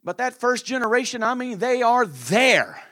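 Male preacher, high lively voice, bright edge, fiery shouted delivery. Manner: fiery, drawn-out shouted phrases with filler uhs. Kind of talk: sermon.

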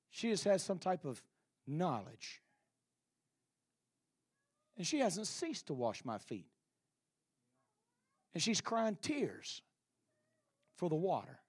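A man preaching a sermon voices Jesus as a quiet, patient man gently rebuking his host. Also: high voice, no echo, studio quality, heavily acted. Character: calm, gently reproachful Jesus, adult male.

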